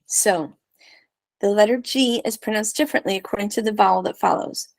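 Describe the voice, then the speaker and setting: A woman teaching Spanish pronunciation, leading slow repeat-after-me drills of syllables and sentences. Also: medium pitch, vocal fry, dry recording.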